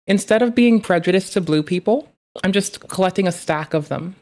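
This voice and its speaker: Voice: mid-range voice, a little fast, darkish tone. A streamer chatting casually while reacting to a video, rambling, joking and swearing freely. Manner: rambling, profane, playful. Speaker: live streamer.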